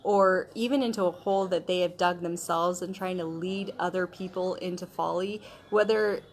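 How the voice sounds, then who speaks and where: A woman's voice: on the low side, steady tone, normal speed. Chatty woman teaching a Bible study. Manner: conversational storytelling, retelling scripture in modern slang; chatty, with frequent fillers like okay and um.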